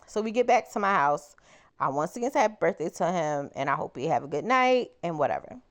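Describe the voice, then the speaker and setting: A woman crochet vlogger chatting casually as she tells a personal story, animated and exclaiming. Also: lowish voice, fairly quick.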